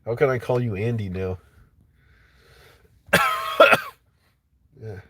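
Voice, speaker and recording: A man's voice: lowish voice, slow, fairly bright tone, breathy edge, no echo. A man hosting a livestream, ranting casually and angrily with lots of swearing. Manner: profane, agitated ranting. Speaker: livestream host.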